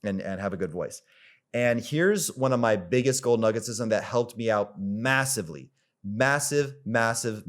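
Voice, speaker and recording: A man giving a coaching monologue, rambling with lots of filler words, repeating himself for emphasis and swearing casually. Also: medium pitch. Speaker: dating coach.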